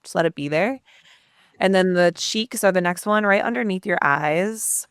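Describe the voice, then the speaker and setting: Calm woman coach, smooth low voice. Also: moderate pace, no echo, studio quality. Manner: calm, encouraging instructions. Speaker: subconscious transformation coach. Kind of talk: guiding a tapping exercise.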